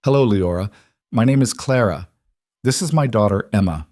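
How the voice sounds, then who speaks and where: A cheerful, neighborly frontier mother from a storybook western, played by a male narrator. She greets people in a bright, friendly way, pitched a little higher than the narration. The sound is dry and close. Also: expressive, normal speed, no room sound, close to an everyday voice.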